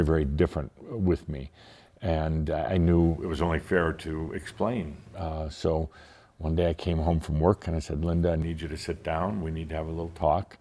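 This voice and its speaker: A middle-aged man from the United States speaks as an interview guest, recounting a personal story. His voice sits very low and sounds dark and mellow. He talks reflectively, pausing often with fillers. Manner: reflective, hesitant with frequent fillers.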